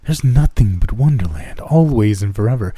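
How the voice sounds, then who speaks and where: A man's voice: fairly low pitch, expressive, normal speed, dark tone, slightly rough, no echo. A man voicing a mocking dead young woman in a nightmarish Wonderland, taunting and eerie.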